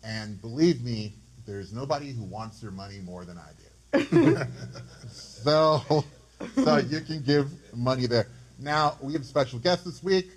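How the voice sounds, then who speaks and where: A man hosting a comedy podcast, talking in a goofy, self-mocking way with sudden shouted bursts. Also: medium pitch, unhurried. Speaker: podcast host. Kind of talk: comedic monologue and chat.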